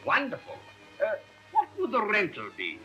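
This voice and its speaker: A man's voice: high voice, wildly swooping pitch, normal speed, bright, forceful tone, dull audio, soft background music, full character voice. A man playing a fussy, genteel upper-class lord in a 1930s film comedy, prone to fluttery exclamations.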